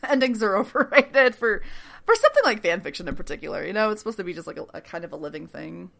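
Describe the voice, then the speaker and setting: A woman's voice: mid-range voice, big pitch swings, fast talker, gravelly, fairly bright tone. A woman co-hosting a podcast in casual chat, rambling, swearing and laughing often. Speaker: podcast co-host.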